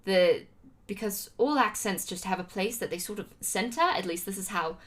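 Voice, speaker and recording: A young streamer from Utah chats casually with her livestream, rambling along with plenty of fillers, restarts, and frequent laughter. Her voice is medium-pitched and a bit bright, with lively intonation at a normal speed.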